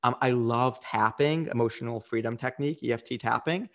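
A man's voice: medium pitch, brisk. A man speaking as a coach in a candid interview, earnest and reflective, with frequent fillers.

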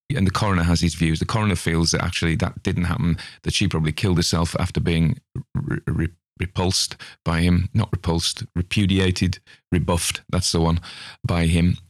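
Deep-voiced Australian man musing casually. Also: flat delivery, brisk, no echo, clean studio sound. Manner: rambling, chatty, self-mocking asides. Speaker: podcast host. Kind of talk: casual spoken commentary on a ghost story.

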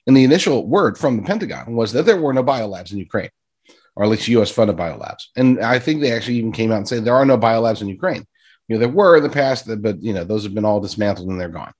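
A man's voice: on the low side, lively intonation, fast talker, a little mellow, breathy edge. A man giving sarcastic, rambling political commentary and addressing his listeners directly. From United States.

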